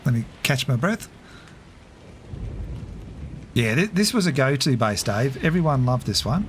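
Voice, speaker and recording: A middle-aged man chats his way through a live game stream at an unhurried pace, laughing often and restarting sentences as he thinks aloud. His voice sits at an ordinary middle pitch, and a faint hiss of noise runs under it. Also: sing-song. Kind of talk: casual live game commentary.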